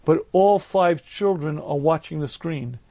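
Higher-voiced man lecturing, clears throat often. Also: warm tone. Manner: slow, deliberate storytelling delivery. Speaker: Torah lecturer. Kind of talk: live lecture.

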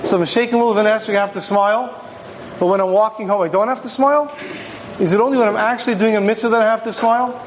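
A man's voice: sits high, steady tone, fast, slight background noise. A man, a rabbi, giving a conversational Torah class, telling stories and posing rhetorical questions. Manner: storytelling, poses rhetorical questions. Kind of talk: conversational religious lecture.

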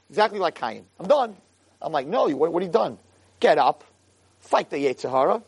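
Rabbi guy giving a torah class, high voice, jumps up and down a lot, really emphatic. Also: brisk, breathy edge. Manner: animated, emphatic, rhetorical questions, acts out dialogue.

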